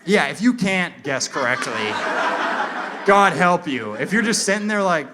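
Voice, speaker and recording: A young man performing a stand-up comedy set on a stage mic, acting out characters in quick voices. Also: fairly high pitch, expressive, noisy background. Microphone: handheld stage mic.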